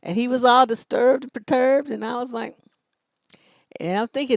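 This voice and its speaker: A brash, foul-mouthed woman in middle age gives relationship advice on a live stream. Her voice sits a bit high, and the sound is close and dry with no room echo. She tells stories in a blunt, no-nonsense way. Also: steady tone, moderate pace, creaky, pauses often. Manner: blunt, profane, brash storytelling. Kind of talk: livestream advice chat.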